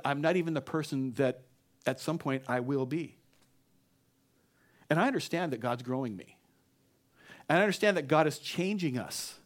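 A pastor preaching a sermon, reading scripture with emphatic repeated phrases and slipping into casual asides. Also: male voice, on the high side. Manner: conversational asides with frequent restarts.

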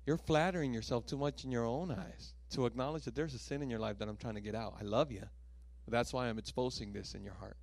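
A man quoting God's words to him in a sermon, speaking low, gentle and earnest. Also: quick pace, vocal fry, no echo. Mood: loving rebuke. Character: God speaking to a preacher, male, firm and loving.

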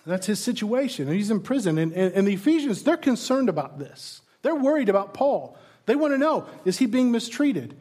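A man with a high voice preaches a sermon as pastor. He speaks earnestly, keeps asking the congregation rhetorical questions, and sometimes trips over repeated words when he presses a point. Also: very animated, normal speed, darkish tone, husky.

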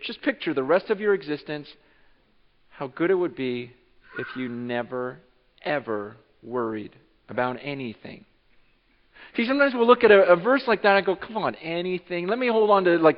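A man preaching a sermon as pastor, acting out what listeners might say in lively bursts. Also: fairly high pitch, in a large hall, lo-fi sound. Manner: animated, acts out imagined speech of listeners. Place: church sanctuary.

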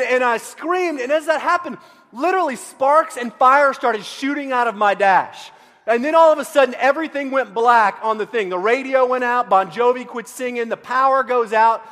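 A middle-aged pastor from Central Texas telling a self-deprecating story in a sermon, animated with frequent restarts. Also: male voice, very high-pitched. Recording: long reverb of a large hall.

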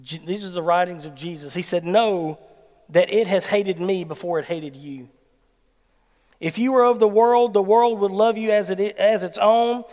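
A man with a Southern American accent preaching a sermon as an animated storyteller. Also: high voice, moderate pace. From Mississippi, US South. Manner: animated storyteller who acts out quoted people. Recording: long hall reverb.

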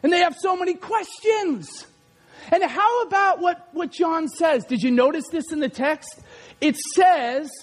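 A male pastor in his thirties preaching a lively sermon, acting out scenes and shouting at the peaks. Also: very high-pitched, a little slow. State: out of breath after acted run.

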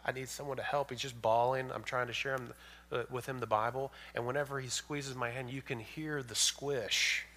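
A man preaching a sermon, swinging from loud emphatic points to hushed storytelling. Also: medium pitch, fairly even intonation, moderate pace. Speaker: pastor.

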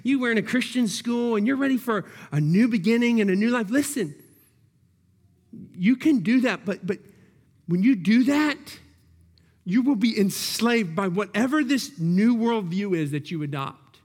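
High-voiced preacher in a reverberant hall. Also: male voice, unhurried. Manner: emphatic, repeats key words, asks the congregation questions. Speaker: pastor. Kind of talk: sermon.

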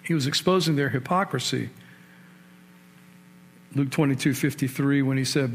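A man preaching a sermon in a conversational storytelling way, asking his listeners questions and rising sharply in pitch and volume to stress key points. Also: steady tone, moderate pace, long pauses, a little hiss or hum. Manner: storytelling, with sudden rises in pitch and loudness for emphasis. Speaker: pastor.

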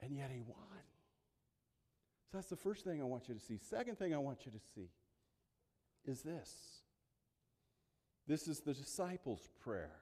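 A man preaching a sermon, moving between soft asides and loud, emphatic peaks. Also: mid-range voice, big pitch swings, moderate pace, long pauses. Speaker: pastor. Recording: long hall reverb.

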